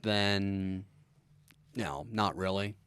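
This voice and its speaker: A man with a lower, bright and forceful voice, talking in a deliberate, halting way with dry humor. His voice is smooth and resonant, close to the mic in a dry, dead-sounding space. He comes across as a comedian chatting casually on a podcast. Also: no room sound. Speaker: podcast guest, stand-up comedian. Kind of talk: casual chat.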